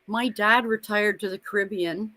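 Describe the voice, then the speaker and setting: A woman's voice: mid-range voice, normal speed, no echo. Blunt, foul-mouthed woman in her fifties. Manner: blunt, swears freely, animated storytelling. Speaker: co-host of a live watch party stream. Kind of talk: casual chat.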